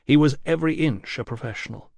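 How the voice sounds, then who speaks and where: A man narrating a memoir audiobook in a measured, deliberate reading. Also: a little high, creaky, a little mellow, dry recording. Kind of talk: scripted narration. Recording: dry close studio sound.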